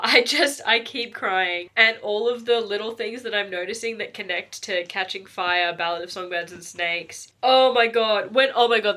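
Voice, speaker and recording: A young woman chats in a casual book vlog, gushing and emotional about what she has read. Her voice sits at a middling pitch. She talks in a loose, chatty way straight to her viewers. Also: bright, forceful tone. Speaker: book vlogger.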